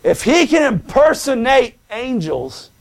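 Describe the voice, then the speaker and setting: Fervent high-voiced preacher, gravelly. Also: male voice, sing-song, takes it slowly. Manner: fervent, calls out to the congregation, swings from shouting to hushed. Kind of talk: sermon.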